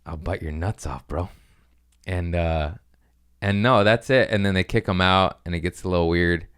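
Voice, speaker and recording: A man's voice: low-pitched, normal speed, fairly bright tone, smooth. A man hosting a podcast, casually telling a rambling, profane story about his comedy gig.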